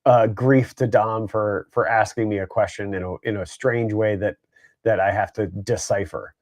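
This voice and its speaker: A man's voice: fairly low pitch, fairly even intonation, normal speed, darkish tone. Rambling easygoing man co-hosting. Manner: easygoing, rambling with many fillers. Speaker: co-host. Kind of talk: casual group chat.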